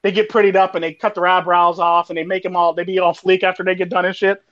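Casting: quick high-voiced host, street slang, muffled lo-fi line. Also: male voice, flat delivery, a bit bright. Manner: fast, slangy, laughing. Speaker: show host. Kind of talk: casual panel chat. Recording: dull lo-fi audio.

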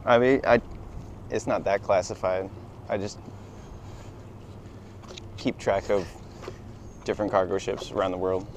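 A man's voice: deep voice, fairly even intonation, measured pace, long pauses, slight background noise, poor audio. A man talking as a podcast guest on an outdoor walk, easygoing and hesitant, laughing often. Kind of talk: casual walk-and-talk chat.

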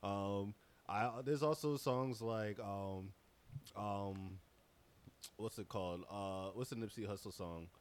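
A man with a somewhat low voice in a casual podcast chat. He talks laid-back and slangy, swearing freely. He often pauses on fillers while he searches for words. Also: a little hiss or hum. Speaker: podcast co-host.

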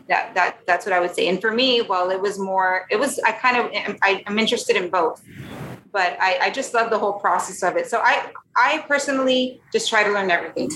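A woman in her thirties speaking candidly as a podcast guest, earnest and halting, with many restarts, growing emotional about her story. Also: mid-range voice, bright, forceful tone. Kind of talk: candid conversational interview. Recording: echoey room, faint background noise.

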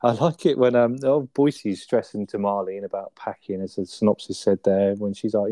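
A man's voice: on the low side, moderate pace, dark tone, dry recording. A man chatting casually on a podcast, laughing as he retells sitcom scenes and tagging on questions. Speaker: podcast co-host. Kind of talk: casual chat reviewing a sitcom episode.

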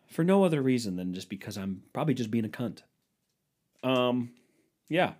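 A man's voice: medium pitch, big pitch swings, moderate pace, pauses often, a little mellow. A young man hosting a solo podcast, ranting sarcastically and crudely in a rambling way. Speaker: podcast host. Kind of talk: solo comedic rant.

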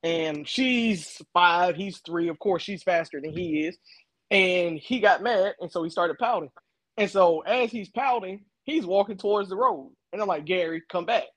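A man's voice: high-pitched, normal speed, a bit bright, no room sound. Man telling faith stories, dry close sound. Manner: storytelling, explains with personal examples. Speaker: co-host. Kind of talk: casual faith discussion.

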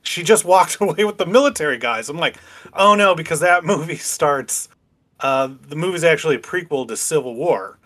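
A man's voice: fairly high pitch, animated, moderate pace, fairly bright tone. A man co-hosting a casual podcast chat, telling stories and acting out dialogue with small laughs. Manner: storytelling with laughs, quoting others in dialogue. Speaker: podcast co-host.

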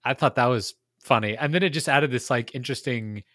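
Male co-host, bright tense voice, conversational film chat, dry recording. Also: mid-range voice, a little fast, no echo. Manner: chatty, musing, dry humor. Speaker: podcast co-host. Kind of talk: casual movie review chat.

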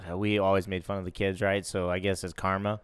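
Male storyteller, smooth and resonant, animated, casual chat, dry recording. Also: low voice, fast, no echo. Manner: animated storyteller, laughs as he talks.

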